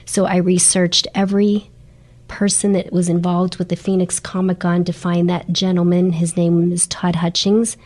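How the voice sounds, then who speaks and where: A woman's voice: on the low side, level tone, normal speed, a little mellow. A middle-aged woman, a guest in an interview, telling her stories earnestly and with animation. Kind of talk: storytelling interview chat.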